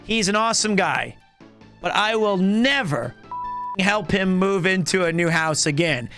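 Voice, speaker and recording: A man in his thirties chatting casually on a live stream, animated and rambling with lots of restarts. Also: high voice, unhurried, faint music behind. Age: 30s.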